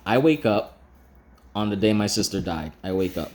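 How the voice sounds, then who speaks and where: A man with a fairly low voice tells a story from his own life in a casual, frank manner and swears now and then. When he quotes someone, his pitch jumps up and he acts the lines out with animation. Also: expressive, moderate pace, a little mellow. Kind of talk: personal storytelling.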